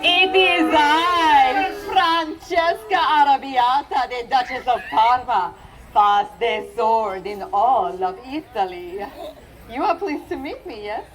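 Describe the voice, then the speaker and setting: A woman playing a boastful, swaggering duchess who is a swordswoman, shouting theatrically in live outdoor street theater. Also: high-pitched, slow, a little hiss or hum, rough recording. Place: outdoor festival stage.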